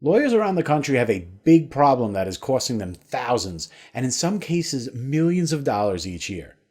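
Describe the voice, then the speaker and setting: A man delivering a scripted sales pitch with a lively, bouncing delivery. His voice sits in a middle register and swings up and down often as he tells his story persuasively. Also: moderate pace, breathy edge. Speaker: sales webinar presenter.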